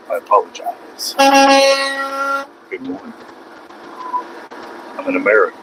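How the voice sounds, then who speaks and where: A man's voice: fairly low pitch, background noise. Chatty man vlogging from his truck. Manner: chatty, rants at other drivers. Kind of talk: casual driving vlog. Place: truck cab on the highway.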